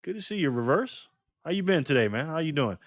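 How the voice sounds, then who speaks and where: Male live-stream host, a bit high-pitched, upbeat and chatty, dry close mic. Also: very animated, fast, dry recording. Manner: upbeat, greets chat viewers by name; calls people brother and man. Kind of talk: casual live-stream chat. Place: alone at home streaming. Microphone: microphone.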